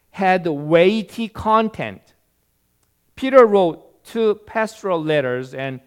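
Slow, clear-voiced male preacher. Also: on the high side. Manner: slow, deliberate storytelling delivery. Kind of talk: sermon.

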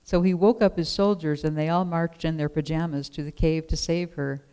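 Clear-voiced storybook narrator. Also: medium pitch, steady tone, normal speed, dark tone, low-quality recording. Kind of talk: storybook read-aloud.

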